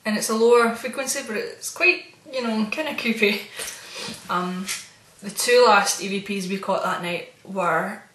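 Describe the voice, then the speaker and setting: A woman's voice: mid-range voice, a little slow, slight background noise. A woman vlogging casually, telling a rambling, spooked story about her experiences. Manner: chatty, meandering, with soft spooked asides. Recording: roomy echo.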